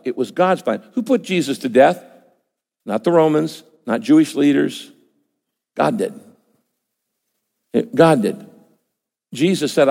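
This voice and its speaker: A man's voice: on the high side, lively intonation, slow pace, vocal fry, long pauses. A man preaching a sermon, emphatic and conversational, often acting out his listeners' imagined words. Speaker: pastor. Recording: long hall reverb.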